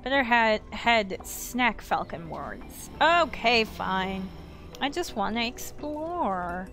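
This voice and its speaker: A young woman playing through a story game, chatting playfully and reading lines aloud. Her voice sits a little high and rises and falls in lively swings, and she takes her time with each thought. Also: takes it slowly, faint music behind. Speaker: gaming host. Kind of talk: game commentary and reading dialogue.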